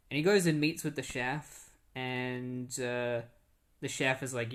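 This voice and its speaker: A man casually retelling a comic book story as a podcast host, rambling with many fillers and quick quoted asides. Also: medium pitch, steady tone, fairly bright tone, slight background noise.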